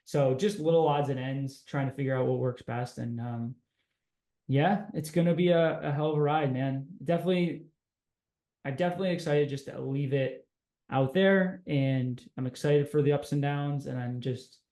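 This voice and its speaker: A man hosting a casual podcast, upbeat and energetic, talking like a buddy. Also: medium pitch, normal speed. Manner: upbeat, energetic, says dude and bro. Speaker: podcast host. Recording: roomy echo.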